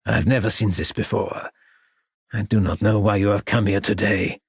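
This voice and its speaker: A man's voice: fairly low pitch, steady tone, moderate pace, breathy edge, no echo, studio quality. A man reading the part of an aging, reclusive French painter who is guarded and grieving, speaking in a muttering way. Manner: muttering, guarded, then anguished.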